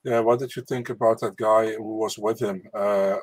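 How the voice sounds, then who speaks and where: A man co-hosting a casual fight-sport podcast, relaxed and conversational. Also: on the low side, moderate pace, no room sound. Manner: relaxed, conversational, often asks you know what I mean. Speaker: podcast co-host. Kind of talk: casual MMA podcast chat.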